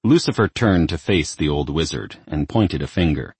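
A man narrating a novel as an audiobook in an expressive storytelling manner. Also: a bass voice, normal speed, few pauses, breathy edge, no echo.

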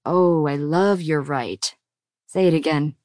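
A woman's voice: sits low, takes it slowly, a little mellow, dry recording. A woman voicing a confident, teasing man who banters smugly with his lover. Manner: dry, smug banter.

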